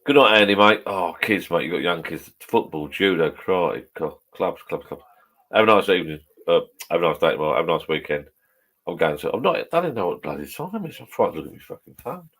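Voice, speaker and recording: Middle-aged man, very low voice, rambling live chat, swears a lot. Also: animated, a little fast, fairly bright tone. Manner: swears freely, rambling and chatty. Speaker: vlogger chatting with live viewers. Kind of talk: casual live-stream chat. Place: home garden bar shed.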